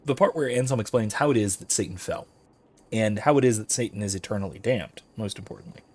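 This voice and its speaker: A man's voice: fairly low pitch, quick pace, darkish tone. A man hosting casual gameplay commentary on philosophy, hiccuping throughout and apologizing while rambling with many fillers. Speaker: philosophy lecturer and let's-play host.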